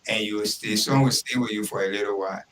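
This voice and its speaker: Deep-voiced radio host man. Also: steady tone, quick pace, a bit bright, slight background noise, rough recording. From Liberia. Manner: earnest, emphatic, repeats key words. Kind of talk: casual radio talk with weather report.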